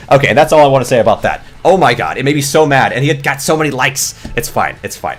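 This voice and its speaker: A man's voice: mid-range voice, lively intonation, a little fast, hardly any pauses. A man creating gaming videos, ranting off the cuff in a rambling, exasperated way, full of restarts and fillers. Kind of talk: off-the-cuff commentary rant.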